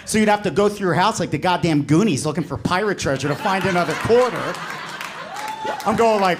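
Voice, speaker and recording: Animated stand-up comedian, live club crowd. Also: male voice, high-pitched, fairly quick, background noise. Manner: animated storytelling with shouted character bits. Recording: live club with audience laughter. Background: audience laughing.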